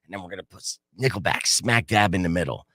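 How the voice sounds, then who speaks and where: A man hosting a radio show in a studio, animated and joking, swearing casually. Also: low-pitched, fast talker. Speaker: radio host. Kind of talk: morning radio banter. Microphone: studio microphone.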